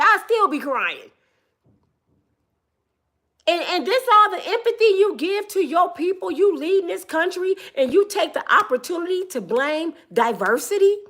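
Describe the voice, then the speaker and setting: Animated high-voiced woman, impassioned rant. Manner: emphatic, preachy, repeats words for stress. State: tearful. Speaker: commentary vlogger. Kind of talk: impassioned commentary monologue.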